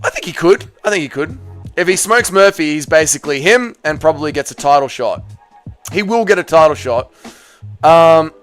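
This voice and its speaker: A man's voice: mid-range voice, a bit bright, clear, resonant tone. Casual man bantering with chat. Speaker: streamer hosting a watch party. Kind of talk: casual live-stream chat reading comments.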